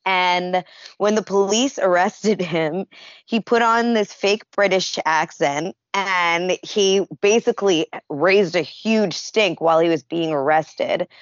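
A woman sharing fond memories of a late friend, an animated storyteller who acts out quotes. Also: on the low side, slow, dry recording, dull audio. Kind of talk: casual memorial remembrance.

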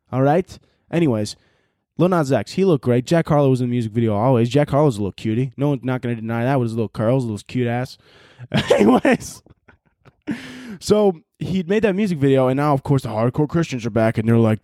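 A man, a comedian hosting his own podcast, in a profane, animated comedic rant. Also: medium pitch, a little fast, no room sound, studio quality.

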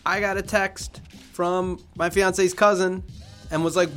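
Excitable man mocking in banter. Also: sits high, soft background music. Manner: excitable, mocking, quick to riff. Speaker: podcast co-host. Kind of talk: casual banter.

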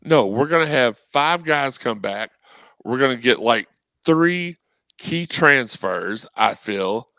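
A man chatting casually on a sports podcast, animated and rambling, acting out messages from fans. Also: medium pitch, slow, dry recording, low-quality recording. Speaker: guest co-host.

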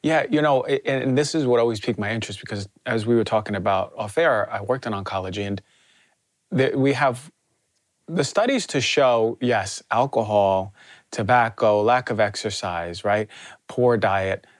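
A man's voice: on the low side, normal speed, dry recording, studio quality. A man hosting a health podcast, who is also a doctor, interviewing a guest and often affirming with "right?" and also reading an ad. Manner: affirming, "right?" tag questions. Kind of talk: interview and read ad.

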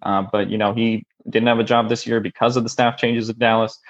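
A man's voice: medium pitch, flat delivery, a little fast, natural voice. Guy playing a veteran coach, lots of "you know", muffled lo-fi audio. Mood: measured. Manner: hesitant, filler-heavy. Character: measured male veteran coach candidate.

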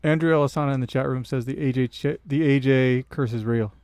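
A man's voice: medium pitch, fairly quick, a little mellow, clean tone, dry recording. A man on a sports podcast reading out questions from the live chat. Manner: reads viewer comments aloud.

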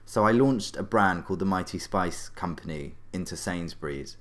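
A middle-aged man with a very deep voice tells a long anecdote as a guest. He rambles and restarts, scattering fillers as he goes. His delivery is casual and animated. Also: moderate pace. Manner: rambling, animated, full of fillers and self-corrections. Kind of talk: casual storytelling.

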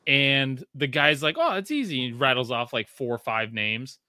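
A man's voice: mid-range voice, normal speed, smooth, dry recording, studio quality. A man in casual chat, rambling and profane, full of fillers and restarts, voicing quotes as he tells stories. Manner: animated storytelling with voiced quotes.

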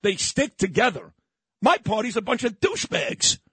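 A man hosting a morning talk radio show, loud, combative and ranting. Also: sits high, sing-song, normal speed, slightly rough, no room sound. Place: radio studio.

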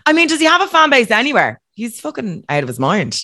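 An Irish comedian chatting as a podcast guest, blunt and lively, with frequent swearing. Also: medium pitch, quick pace, no room sound, clean studio sound. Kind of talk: casual podcast chat.

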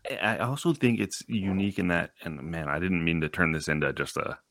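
A man's voice: sits low, fairly quick, fairly bright tone, no room sound, studio quality. A man hosting a podcast interview, chatting with enthusiasm and laughing easily. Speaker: podcast host. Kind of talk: casual interview chat.

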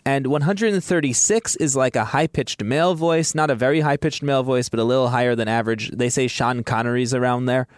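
A man's voice: medium pitch, brisk, few pauses, no echo, studio quality. A man who is a science editor, explaining research findings in a wry, informative conversational way.

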